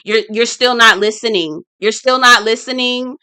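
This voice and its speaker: A woman's voice: on the high side, moderate pace, bright, forceful tone, smooth, no room sound, clean studio sound. A woman giving casual, sassy commentary as a reality TV review vlogger, blunt and swearing freely.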